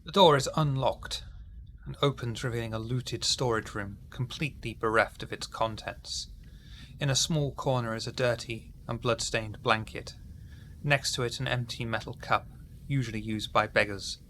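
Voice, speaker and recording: A man with a bright, forward tone and a middle pitch narrates a tabletop horror game. He sets each scene in a descriptive, measured way, like a storyteller guiding his players. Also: a little hiss or hum.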